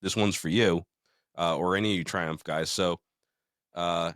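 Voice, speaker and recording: A man's voice: low voice, fairly even intonation, a little slow, long pauses, fairly bright tone, dry recording, studio quality. A man co-hosting a podcast in casual chat, swearing freely, joking and reading out listener mail. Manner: profane, joking, reads listener mail aloud. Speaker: podcast co-host.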